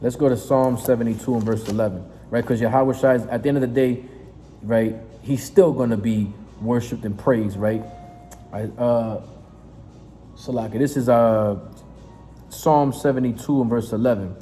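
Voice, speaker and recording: A man preaching in a fiery, confrontational sermon, reading scripture aloud and breaking off into profane, emphatic asides with a steady "right?". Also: mid-range voice, normal speed. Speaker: street preacher. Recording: reverberant space with faint noise.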